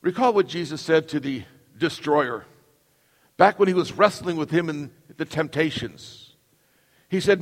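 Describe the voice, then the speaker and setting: A man's voice: fairly high pitch, unhurried, pauses often. A middle-aged man preaching a sermon as pastor, emphatic and calling on the congregation to repeat lines after him. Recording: long reverb of a large hall.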